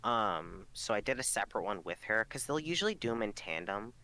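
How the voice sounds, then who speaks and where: A young man with a somewhat low but bright, forward voice talks through a long story in casual podcast chat. He rambles, piles on fillers and swears freely as he goes. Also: expressive, brisk. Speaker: podcast co-host.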